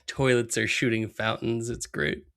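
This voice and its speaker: A man's voice: medium pitch, little pitch movement, measured pace, vocal fry, a bit bright. A man co-hosting a podcast, retelling cartoon scenes casually, laughing often and acting out quoted lines. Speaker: podcast co-host.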